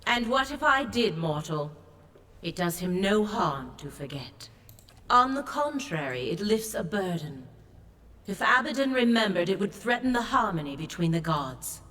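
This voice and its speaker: An actress voicing a grave, ancient sea goddess in a video game, speaking in a solemn, measured, commanding way. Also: female voice, mid-range voice, big pitch swings, a bit bright. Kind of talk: game voice acting.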